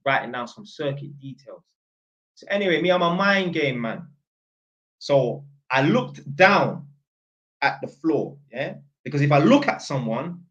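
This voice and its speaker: A young North London channel host with a slightly high, somewhat bright voice tells a story to camera, ranting in blunt, slangy, opinionated talk to his viewers. The recording is muffled.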